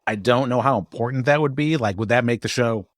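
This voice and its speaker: A man's voice: mid-range voice, fairly quick, dry recording, studio quality. A man co-hosting a podcast, recapping a TV episode in casual, rambling chat with jokes and swearing. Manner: rambling, jokey, swears and laughs often. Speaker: podcast co-host.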